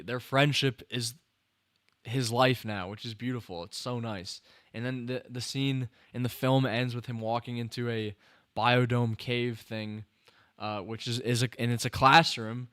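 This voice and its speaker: His voice is medium-pitched, a bit bright and smooth, recorded dry with studio quality. A young man hosting a podcast, he talks loosely about a movie, tired and yawning, wandering through many restarts and fillers.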